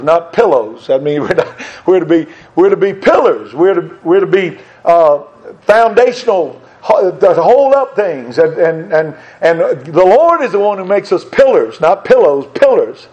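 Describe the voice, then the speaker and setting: High-voiced older preacher, earnest. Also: male voice, darkish tone, lo-fi sound. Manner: earnest, emphatic, repeats phrases for stress. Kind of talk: sermon.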